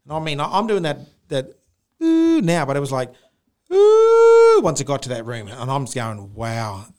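Animated man telling a ghost story. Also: medium pitch, quick pace. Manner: animated storyteller, mimics the noise with rising howls. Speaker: podcast co-host. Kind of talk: casual storytelling.

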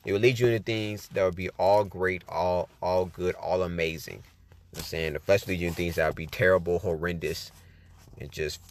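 Here a man with a deep voice hosts a podcast, chatting informally about faith and offering tips for Bible reading and study. He keeps his intonation fairly even, talks fairly quickly, and repeatedly says "you know what I'm saying."

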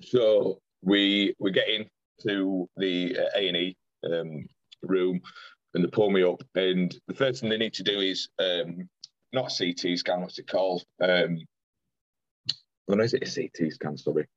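A man's voice: deep voice, steady tone, measured pace, dry recording, dull audio. A young man, a podcast guest earnestly retelling a personal story in detail, with many restarts and quoted dialogue. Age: young adult.

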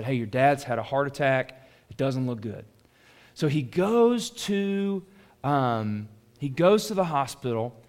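A young adult man, a pastor preaching a conversational sermon that drops soft and swells loud. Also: medium pitch.

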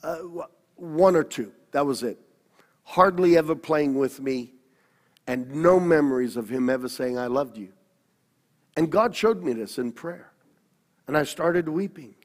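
A man preaching a personal testimony sermon, telling his story in an animated, halting way with restarts. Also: medium pitch, in a large hall.

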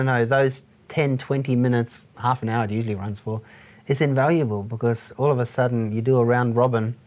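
A man hosting a relaxed interview, speaking at a medium pitch. He is chatty and agreeable, filling his talk with ums and you-knows as he asks his questions. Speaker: podcast host. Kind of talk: casual conversational interview.

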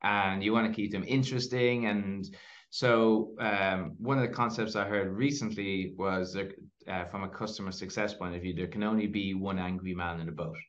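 A man with a fairly low voice, speaking as a guest on a podcast. He tells stories in an animated way, with plenty of fillers. The audio sounds dull and lo-fi. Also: normal speed. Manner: animated storyteller, lots of fillers. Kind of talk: casual interview storytelling.

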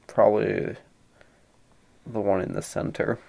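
A man's voice: on the low side, little pitch movement, a little slow, gravelly, mellow, a little hiss or hum. A young man playing a tabletop game, talking in a hesitant, stammering way. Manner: hesitant, stammering, slightly anxious. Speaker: player. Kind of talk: casual tabletop game play.

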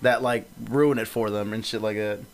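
A man in casual chat, relaxed and slangy, swearing casually. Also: fairly low pitch, normal speed.

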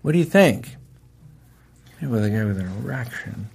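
A man's voice: mid-range voice, normal speed, gravelly, noisy background. A man co-hosting a comedy podcast, chatting casually and cracking jokes. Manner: animated, jokey, bursts into loud shouts. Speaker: podcast co-host.

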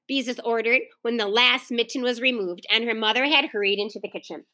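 A woman with a rather high voice reads a children's book aloud quickly, barely pausing. She's animated, does voices for the kids in the story, and talks straight to her young listeners between passages in this storytime read-aloud.

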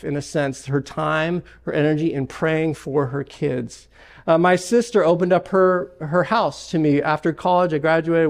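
A man's voice: fairly high pitch, creaky. A man preaching a sermon as pastor, emphatic, with repeated phrases and personal stories. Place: church sanctuary.

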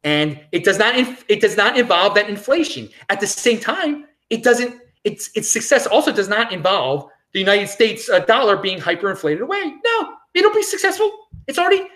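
Blunt, lively-pitched crypto vlogger. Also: moderate pace, few pauses. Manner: blunt and dismissive, repeats phrases for emphasis. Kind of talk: casual opinion commentary.

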